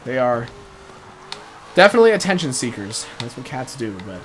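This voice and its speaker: A man's voice: mid-range voice, sing-song, normal speed. A young man giving rambling, casual commentary over a racing game he hosts, often laughing between thoughts. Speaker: gaming channel host.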